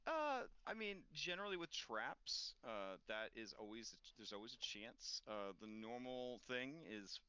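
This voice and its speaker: A man running a tabletop game as game master, explaining rules in a relaxed way with many fillers. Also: medium pitch, a little slow, hardly any pauses, clear, resonant tone.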